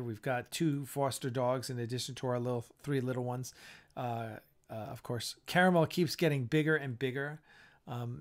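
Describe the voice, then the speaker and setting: A man hosting a casual live-stream chat. He sounds tired and yawns, and he gives blunt, opinionated takes. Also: mid-range voice. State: tired and yawning.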